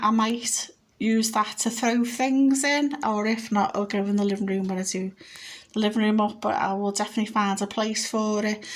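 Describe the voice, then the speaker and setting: A woman's voice: fairly high pitch, a little hiss or hum. A woman chatting casually in her home kitchen, showing thrift bargains in an upbeat, rambling way. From Britain. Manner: chatty and upbeat, with many fillers. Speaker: frugal living vlogger. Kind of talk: casual thrift haul chat.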